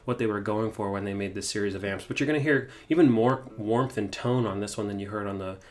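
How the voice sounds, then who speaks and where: A man's voice: lowish voice, quick pace. A man hosting a guitar amp tutorial, talking casually with lots of "uh"s and restarts. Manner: relaxed, many fillers and restarts. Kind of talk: casual gear demonstration.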